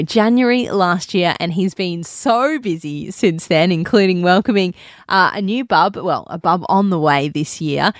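A woman's voice: on the low side, normal speed, no echo. A young adult woman hosting a radio show, friendly and upbeat as she interviews a guest. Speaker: radio host. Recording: dry studio, faint music behind.

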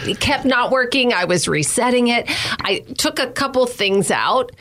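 Woman, middle-aged, co-host, casual banter, animated storytelling, swooping lively pitch. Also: moderate pace. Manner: animated storyteller, laughs often, acts out voices.

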